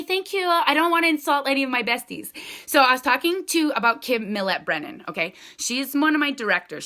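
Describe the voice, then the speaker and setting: Chatty bright-voiced woman leading her sales team. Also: on the high side. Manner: chatty, rambling, addresses viewers directly. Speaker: direct sales team leader. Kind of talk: casual live chat to viewers.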